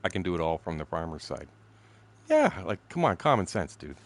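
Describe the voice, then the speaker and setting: A man's voice: sits low, huge pitch swings, fairly quick. A man in his sixties from Canada, telling a story during a game stream in a blunt, profane, laughing way. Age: 60s. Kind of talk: casual storytelling chat.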